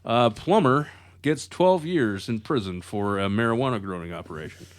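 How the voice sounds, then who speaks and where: A man's voice: fairly low pitch, moderate pace. A man co-hosting a comedy news podcast, reading stories aloud and cracking dry jokes. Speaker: podcast co-host. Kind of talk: casual comedic news chat.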